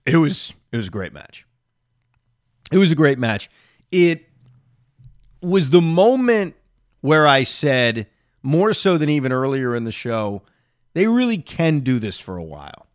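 A man's voice: mid-range voice, a little slow, pauses often, no echo, studio quality. A man hosting a solo reaction podcast, opinionated and talking straight to his listeners, with a lingering cough. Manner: animated, opinionated, talks to listeners directly. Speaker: podcast host.

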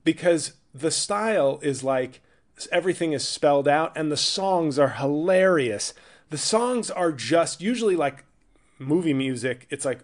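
A man's voice: on the high side, expressive, moderate pace. A man hosting his own podcast as a stand-up comedian, riffing in a rambling, irreverent, self-interrupting monologue.

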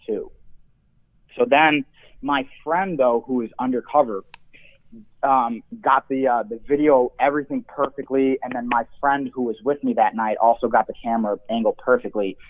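A young man calling in to a talk show, telling a story in a casual, animated way with swearing and laughs. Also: medium pitch, a little fast. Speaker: caller. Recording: tinny phone line.

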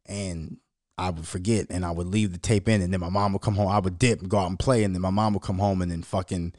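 A man's voice: sits low, fast, no echo, studio quality. A man in his thirties hosting his own show, telling profane stories in a casual monologue. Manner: profane, animated storytelling. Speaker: show host.

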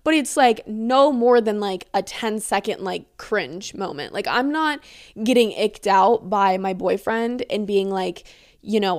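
A young woman talks through her podcast in a loose, rambling way, her voice sitting a little high. She giggles often and swears without a second thought. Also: normal speed, darkish tone. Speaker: podcast host. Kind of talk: casual chat.

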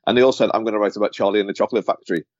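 Fast-talking man telling football anecdotes. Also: fairly low pitch, fairly even intonation, a little mellow, no room sound, highs cut off. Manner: rambling storyteller with many restarts. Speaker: podcast co-host, former football journalist. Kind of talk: casual chat, anecdote telling.

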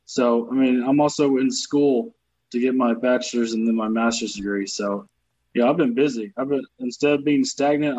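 A man's voice: medium pitch, darkish tone, no echo, dull audio. Profane, self-deprecating man on a call. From Southern US. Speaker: comedian guest. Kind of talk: casual podcast chat. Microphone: remote video call.

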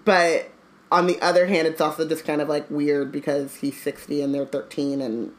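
Low-voiced woman musing thoughtfully. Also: level tone, moderate pace, rough recording. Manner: thoughtful, with many likes and ums. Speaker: podcast co-host. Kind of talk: casual book discussion.

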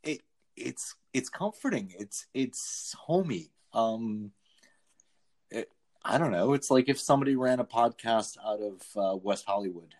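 A man co-hosting a podcast in casual chat, animated and jokey, laughing often. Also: mid-range voice, moderate pace. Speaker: podcast co-host.

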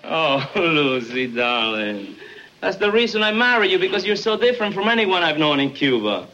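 An actor playing a teasing, excitable Cuban bandleader husband in a 1950s TV sitcom, with a Cuban accent. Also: male voice, a little high, moderate pace, dull audio, background noise. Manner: playful, bursts into song.

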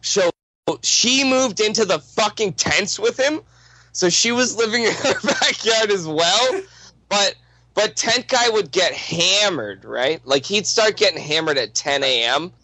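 A man's voice: sits high, animated, a little slow, pushed and bright, low-quality recording. A young man casually telling a rambling, profanity-laced anecdote, full of restarts and asides.

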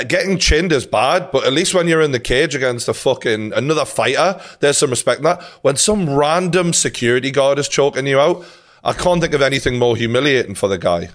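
A man with a Geordie accent hosting a podcast, chatty and sweary, saying mate a lot. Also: medium pitch. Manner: chatty, swears, many fillers and restarts, calls listeners mate. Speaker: podcast host. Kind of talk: casual podcast chat.

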